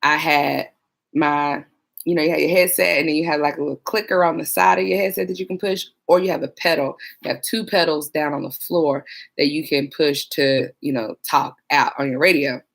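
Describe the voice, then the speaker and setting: Low-voiced chatty woman vlogger. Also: fairly even intonation, brisk, gravelly. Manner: chatty, laughing, mimics people. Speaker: former police dispatcher. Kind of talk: casual livestream chat.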